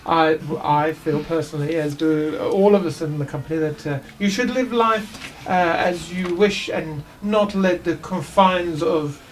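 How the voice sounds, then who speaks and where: A polished elf showman who stretches his words with theatrical grace, voiced by a man running the game. The voice sits a bit high. It is heard slightly off-mic. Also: a little slow, few pauses, recorded from a distance, a little hiss or hum, close to an everyday voice. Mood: smooth.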